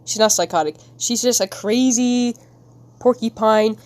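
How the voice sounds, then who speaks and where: Drawing on stream, a woman talks casually with her viewers, rambling in a silly way and giggling. She speaks in a slightly high, darkish voice and doesn't hurry.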